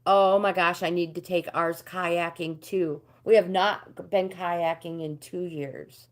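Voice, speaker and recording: A woman's voice: fairly low pitch, fairly even intonation, slow. Chatty older woman reading tarot live. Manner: chatty, reads card meanings aloud, answers viewers by name. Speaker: livestream host reading tarot cards. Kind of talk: casual livestream chat with tarot readings.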